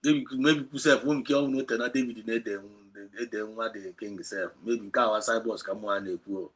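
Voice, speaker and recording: A man with a Nigerian accent preaching a sermon, switching between Igbo and English and building to loud, emphatic peaks. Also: fairly low pitch, moderate pace. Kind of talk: sermon retelling a Bible story.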